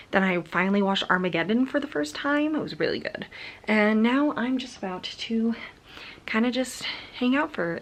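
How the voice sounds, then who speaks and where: A woman's voice: mid-range voice, a bit bright, slight background noise. A young woman chatting casually in a home vlog about books, gushing and full of "like" fillers. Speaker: book vlogger.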